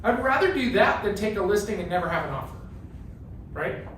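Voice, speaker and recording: A man running a casual real estate training workshop, animated and joking, often asking "right?". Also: high-pitched, fairly quick. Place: classroom with a group. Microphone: phone camera from across the room. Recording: very echoey room, distant, faint hiss.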